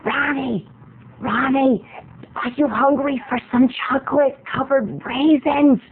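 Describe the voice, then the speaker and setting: A man voicing a loud, chatty middle-aged mother who talks through a movie in a fussy sing-song way. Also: extremely high pitch, fairly even intonation, measured pace, husky, pitched above the performer's own voice, exaggerated voice. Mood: nagging. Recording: tinny phone-like lo-fi sound.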